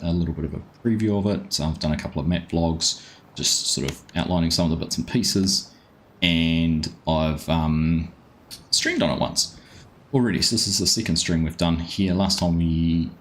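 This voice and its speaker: A man with a deep, low voice talks his way through a live game stream. He chats easily and greets viewers one by one. His talk wanders between the game and side topics. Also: moderate pace. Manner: chatty, greets viewers by name, easily sidetracked. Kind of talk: casual live-stream commentary.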